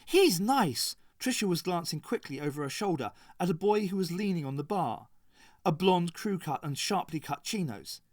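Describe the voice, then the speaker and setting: A man reading a novel aloud as an unabridged audiobook, in a measured narrating voice. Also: fairly high pitch, animated, a little mellow, dry recording, studio quality. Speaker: audiobook reader. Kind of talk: scripted narration.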